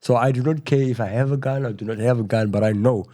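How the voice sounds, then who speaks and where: A middle-aged South African man telling his story in a casual interview, rambling and full of "you know," going quieter at tense moments. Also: medium pitch, fairly even intonation, fast. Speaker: podcast guest.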